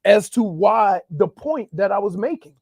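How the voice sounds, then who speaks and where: Man, sports radio co-host, high voice, argumentative, dry sound. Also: expressive, normal speed, vocal fry, darkish tone, husky, dry recording. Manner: argumentative, pressing for clarity.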